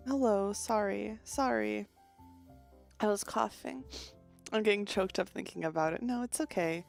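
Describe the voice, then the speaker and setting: A woman's voice: medium pitch, measured pace, vocal fry, faint music behind. A woman streamer chatting casually with her viewers, greeting them one by one and sometimes losing her train of thought. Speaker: virtual streamer.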